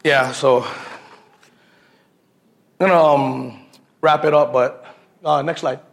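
A man's voice: mid-range voice, fairly even intonation, takes it slowly, creaky. A man giving an informal sermon built on personal stories, talking casually with slang and repeated words and calling listeners "bro.". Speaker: lay preacher.

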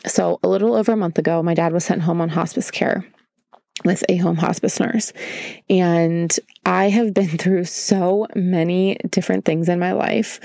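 A woman's voice: lowish voice, creaky, warm tone, no echo. A young woman hosting a candid solo podcast, emotional and earnest, holding back tears. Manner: emotional, earnest, repeats "right?". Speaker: podcast host.

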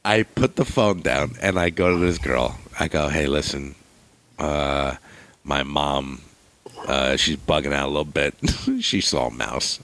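A man from northern New Jersey tells a rambling, profane story in casual chat, speaking a little slowly and acting out what others said, his voice swinging high and loud on the quotes. There's no room sound.

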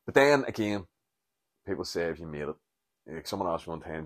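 A man's voice: deep voice, quick pace, no room sound. A Northern Irish comedian in his forties, rambling candidly and sweary through a solo podcast monologue, self-deprecating and frank. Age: 40s.

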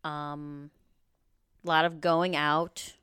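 A woman's voice: low voice, little pitch movement, drawn-out words, fairly bright tone. A woman stand-up comedian as a podcast guest, talking candidly and self-deprecatingly, laughing easily. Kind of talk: casual interview chat.

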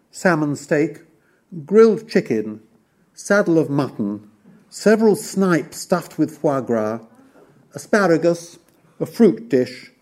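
A man giving a formal history lecture, measured and wry, listing details one by one. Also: fairly high pitch, a little mellow.

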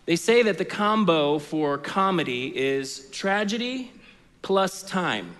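A middle-aged pastor preaching a sermon in a relaxed, story-telling way, full of fillers and restarts, in a large church hall. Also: male voice, high voice, slow pace. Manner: conversational storytelling with many fillers. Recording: echoey hall reverb.

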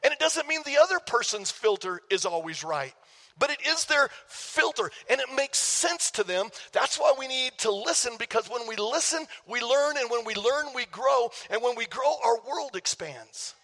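A man's voice: extremely high pitch, animated, moderate pace, bright, forceful tone, long reverb tail. A male pastor preaching a sermon in a conversational, emphatic way, often repeating words as he goes. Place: church sanctuary.

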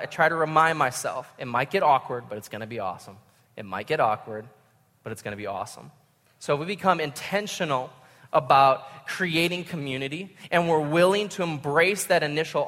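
A man's voice: fairly high pitch, a bit bright. Young guy preaching, casual and self-deprecating, voice bouncing round a big church room. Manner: conversational, self-mocking storytelling. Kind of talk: sermon. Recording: long hall reverb.

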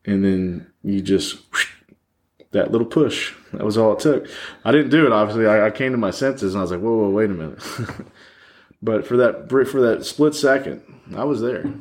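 A man with a fairly low voice speaks at a moderate pace. He's a podcast guest seated across the table from the host, rambling through a candid personal story packed with fillers.

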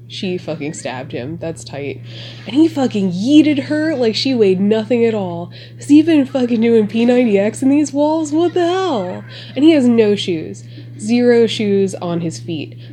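Profane excitable woman reacting to a movie. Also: mid-range voice, a little hiss or hum. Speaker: podcast host reacting to a movie. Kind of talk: casual movie commentary.

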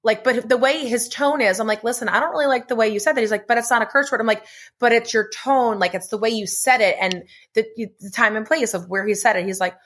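A woman's voice: on the high side, fairly even intonation, brisk, fairly bright tone. A woman in her thirties co-hosting a podcast, talking frankly and casually about parenting. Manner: agreeable, frank, swears casually. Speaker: podcast co-host. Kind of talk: casual chat.

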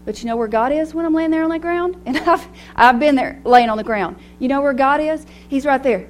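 High-voiced woman giving a lively devotional talk. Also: brisk, few pauses. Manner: animated and personal, laughing often. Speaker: women's ministry speaker.

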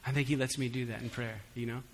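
A man preaching a sermon in a church hall, conversational with humorous asides, swinging between soft reflection and emphatic calls to the congregation. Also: mid-range voice, little pitch movement, fast, slight background noise. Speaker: pastor. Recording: long hall reverb.

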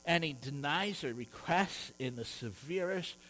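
A man delivering a sermon in a conversational, heartfelt way. His voice sits a little high and swings widely in pitch. He talks earnestly, often tripping over and repeating his words. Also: expressive, unhurried, fairly bright tone, poor audio. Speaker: preacher.

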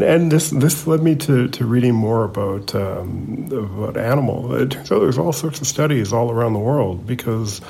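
A man's voice: medium pitch, creaky, dark tone, husky. A man co-hosting a podcast, talking in a casual, hesitant way full of fillers and restarts. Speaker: podcast co-host. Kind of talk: casual chat.

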